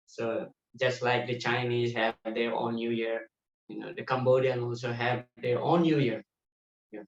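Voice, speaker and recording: A man teaching a devotional class, telling lively anecdotes with laughter. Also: mid-range voice, measured pace. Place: temple hall. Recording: distant muffled mic in echoey hall.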